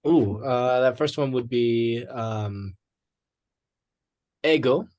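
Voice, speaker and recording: A man in an online class, sounding out words slowly and tentatively. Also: mid-range voice, darkish tone. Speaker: student.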